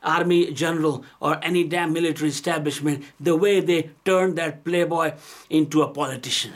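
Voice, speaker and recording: A man's voice: fairly high pitch, a little fast. A man delivering an aggressive, scolding political rant, repeating his points. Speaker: political commentator.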